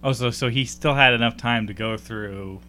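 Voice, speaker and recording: A man co-hosting a casual chat, reading out trivia in a relaxed way and chuckling. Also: medium pitch, normal speed, a little hiss or hum. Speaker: podcast co-host.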